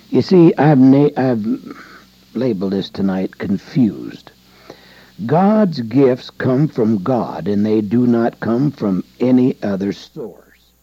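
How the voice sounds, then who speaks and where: A man preaching a sermon, emphatic and exhorting, with rising loud passages. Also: medium pitch, very animated, slow pace, slightly rough, no echo. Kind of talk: radio sermon. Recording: dull lo-fi sound.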